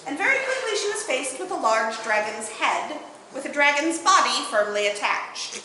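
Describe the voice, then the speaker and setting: A woman telling a fairy tale aloud to a live audience at a bardic gathering, in an expressive, lilting way. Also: high-pitched, normal speed, a little hiss or hum. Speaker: storyteller. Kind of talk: oral storytelling at a bardic gathering. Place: indoor event hall, live audience. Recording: very echoey hall.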